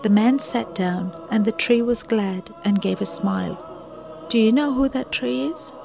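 A woman narrating a moral storybook tale in a calm, earnest read-aloud manner. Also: a little high, a little slow, vocal fry, music in the background.

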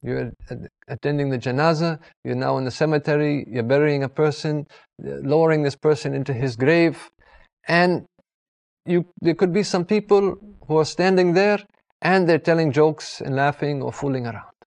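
A man's voice: fairly high pitch, moderate pace, gravelly, a little mellow. A man giving an earnest religious talk, repeating key phrases and adding pious blessings after names. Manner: earnest, repetitive, with pious formulas. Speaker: preacher. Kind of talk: sermon.

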